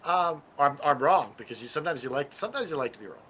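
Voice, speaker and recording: A man co-hosting a podcast in casual chat, rambling and halting with many fillers. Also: fairly high pitch, lively intonation, bright, forceful tone, a little hiss or hum. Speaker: podcast co-host.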